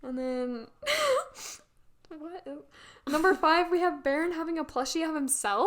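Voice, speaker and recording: A woman's voice: very high-pitched, very animated, unhurried. A young woman co-hosting a podcast in casual, giggly fan chat, rambling with lots of fillers. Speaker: podcast co-host.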